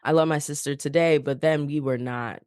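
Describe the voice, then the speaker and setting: A woman's voice: deep voice, brisk, smooth, no room sound, studio quality. A woman from New York, a podcast guest, telling her story casually and acting out the dialogue. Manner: animated, acts out quoted dialogue.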